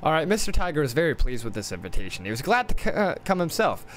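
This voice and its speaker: A man's voice: on the high side, big pitch swings, fast talker, fairly bright tone, slight background noise. A man reading a storybook aloud on a live game stream, swearing and joking between stumbling lines. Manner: profane, joking asides, stumbles and restarts. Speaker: gaming streamer.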